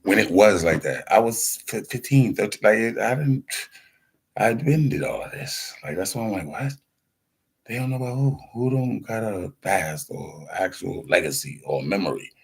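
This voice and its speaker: A man's voice: on the low side, lively intonation, moderate pace, creaky, husky. A man telling rambling stories in a loose, slangy, profane monologue, acting out other people's voices and laughing often.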